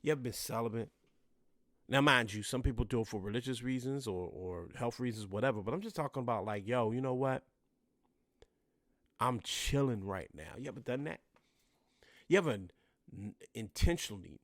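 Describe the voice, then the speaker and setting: Dc guy doing a solo podcast rant, talks right at the fellas, mid pitch, dry close sound. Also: fairly quick, a bit bright, dry recording. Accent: Washington DC. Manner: emphatic, repeats phrases for stress, addresses listeners directly. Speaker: podcast host.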